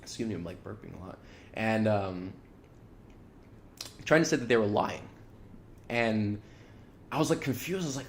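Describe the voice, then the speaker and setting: A man's voice: fairly low pitch, lively intonation, moderate pace, pauses often, a little hiss or hum. A man hosting a casual spiritual monologue, rambling and earnest, with many "like"s and "you know"s and frequent repeats. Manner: loose, earnest, repeats himself.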